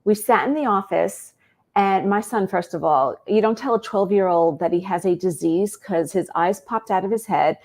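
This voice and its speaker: A woman, a guest on an interview show, telling a personal story in an animated way and acting out bits of dialogue. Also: medium pitch, normal speed.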